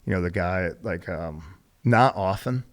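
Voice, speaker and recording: A man in his forties with a very low voice tells stories on a podcast. His talk is casual and laced with profanity. He jumps into the voices of the people in his stories. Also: measured pace. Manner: profane, animated, acts out quoted dialogue. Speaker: podcast guest, military veteran. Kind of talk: casual storytelling.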